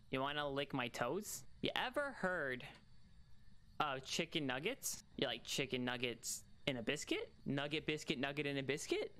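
A young adult streamer talks casually over a ghost-hunting game, joking and trash-talking the whole way through. The voice sits at an ordinary middle pitch and jumps up in sharp yelps whenever something startles them. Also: clean tone. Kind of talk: casual gaming stream commentary.

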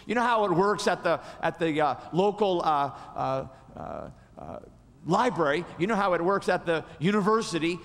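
A male pastor preaching a sermon in an animated, conversational way, often repeating and restarting his words. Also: fairly high pitch, long reverb tail.

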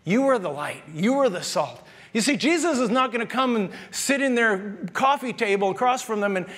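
A Canadian pastor preaching a sermon to his congregation in a lively, conversational way, with jokes and asides to the people in the pews. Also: very high voice, moderate pace, in a large hall. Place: church sanctuary.

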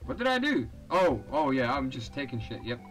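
A man's voice: mid-range voice, sing-song, normal speed, faint music behind, low-quality recording. A young man giving casual, profane commentary over a video game, reading its text aloud and laughing often. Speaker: let's play host.

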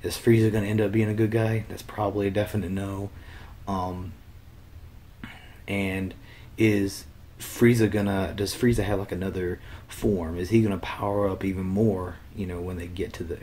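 A man's voice: low-pitched, level tone, normal speed, dark tone, slight background noise. A man hosting his own channel, casually talking through an episode in a rambling way with lots of fillers and restarts, a little under the weather. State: under the weather, slightly ill. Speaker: channel host. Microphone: computer webcam mic.

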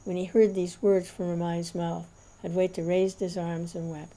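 A woman reading a devotional scripture aloud in a measured, reverent narration. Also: lowish voice, level tone, warm tone. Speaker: reader.

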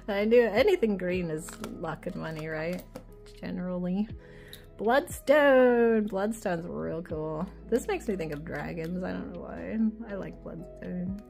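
A woman's voice: on the low side, expressive, unhurried, gravelly, darkish tone, soft background music. A woman with a child chatting casually while flipping through an oracle deck, giggling often, wandering off-topic and teasing herself. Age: adult with a child. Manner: chatty, giggly, self-deprecating, easily sidetracked.

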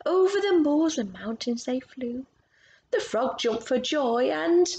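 Lively high-voiced woman reading a storybook. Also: slow, rough recording. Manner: expressive, asks listeners questions about the pictures. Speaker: storytime reader. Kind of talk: reading a picture book aloud to children.

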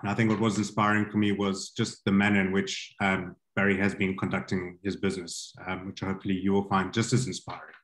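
A man's voice: low-pitched, level tone, fairly quick, few pauses, a bit bright, echoey room, rough recording. A man hosting an event, giving an earnest introduction full of fillers. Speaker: host.

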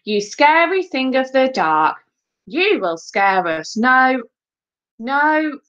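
A woman voicing a loud, boastful schoolboy who stumbles over his lines, in a dull lo-fi recording. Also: high-pitched, sing-song, slow, voice pushed up, exaggerated voice. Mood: faltering.

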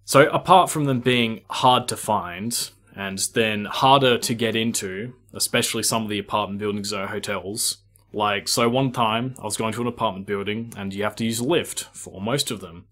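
A man's voice: fairly low pitch, moderate pace, fairly bright tone. A young man, a pizza delivery driver, telling stories in a rambling, profane, exasperated rant. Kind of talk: casual ranting storytelling.

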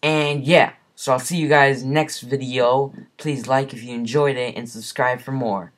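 A young man giving profane, exasperated gameplay commentary as the host of a gaming channel, swinging between muttered curses and yells. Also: medium pitch, fairly even intonation, unhurried, slight background noise.

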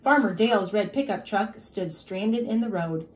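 A woman teacher reading a rhyming picture book aloud in a lively, rhythmic way. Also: mid-range voice, moderate pace, slight background noise.

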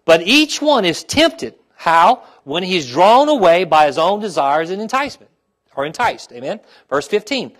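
A middle-aged male pastor preaching a sermon, checking in with the congregation with "okay?" and "amen?" and dropping to a quiet, heartfelt tone when he talks about his own trials. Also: high-pitched, sing-song, normal speed.

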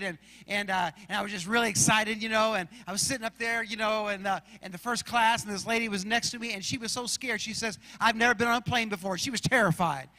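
A male pastor preaching in a large church, emphatic and then chatty as he tells stories. His voice is very high and bright, and it rings with long reverb through the sanctuary. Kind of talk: sermon.

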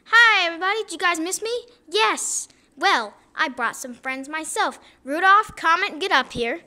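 Woman doing a bright jolly toy Santa. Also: very high voice, expressive, moderate pace, exaggerated voice. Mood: cheerful. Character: jolly toy Santa, old man, cheerful gift-giver.

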